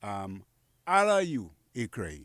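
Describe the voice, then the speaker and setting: A man's voice: fairly low pitch, huge pitch swings, slow pace, fairly bright tone, dry recording. A man, casually teaching dialect phrases on a radio show, patiently repeating each phrase. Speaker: guest teaching Kokoy dialect. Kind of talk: casual radio language lesson. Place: radio studio.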